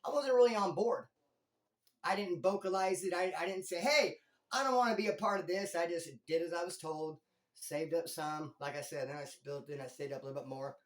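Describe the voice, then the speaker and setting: A man casually telling a story from his time in prison, slangy and animated, jumping between loud emphasis and low asides. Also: fairly quick. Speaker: former inmate storyteller. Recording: roomy echo.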